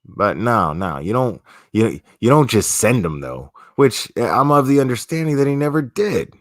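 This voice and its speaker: A man's voice: mid-range voice, very animated, moderate pace, no room sound, studio quality. A man hosting a livestream, chatting casually with viewers in a profane, slangy, laid-back way. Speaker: livestream host.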